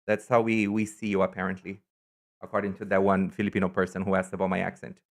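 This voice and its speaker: A man's voice: low-pitched, monotone, fast talker, creaky. A man streaming a card game, chatting casually with viewers in English, which isn't his first language, often breaking off and restarting his sentences. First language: not English.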